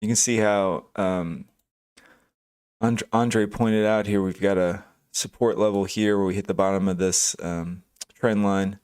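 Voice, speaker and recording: A man's voice: on the low side, steady tone, unhurried, darkish tone, clean tone. A man hosting a live day trading stream, thinking aloud over charts with many fillers and restarts. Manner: thinking aloud, hesitant, frequent fillers and self-corrections; greets chat viewers by name. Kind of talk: casual live market commentary.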